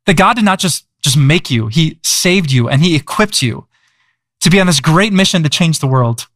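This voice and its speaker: A male pastor preaching in a conversational way, often asking the audience questions and repeating words as he goes. His voice sits a little higher than most men's. The sound is dry and close. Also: lively intonation, moderate pace, fairly bright tone, no echo. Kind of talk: sermon. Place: church.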